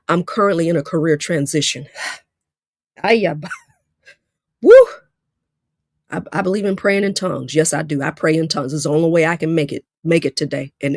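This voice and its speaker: A woman's voice: deep voice, no room sound. Emphatic, preachy woman coach, dry sound. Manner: preachy, emphatic, repeats phrases. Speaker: career coach. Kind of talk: live-stream coaching talk.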